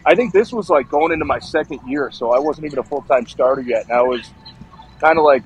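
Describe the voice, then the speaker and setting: A man in his thirties chats on a podcast, telling rambling, profane stories about his football career. His voice sits at an ordinary middle pitch. A faint hiss of noise runs under the recording. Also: brisk, highs cut off. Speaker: former NFL offensive lineman guest. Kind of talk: casual podcast chat.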